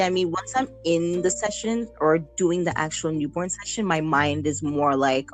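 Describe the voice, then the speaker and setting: A young adult woman, a newborn photographer, chatting as a guest in a casual podcast interview, animated and laughing often, with frequent ums. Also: low voice, moderate pace, few pauses, faint music behind.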